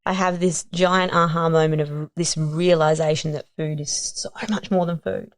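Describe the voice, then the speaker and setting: Low-voiced Australian woman telling a story. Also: normal speed, no room sound. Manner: animated storyteller, acts out voices. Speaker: guest. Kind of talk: casual storytelling interview.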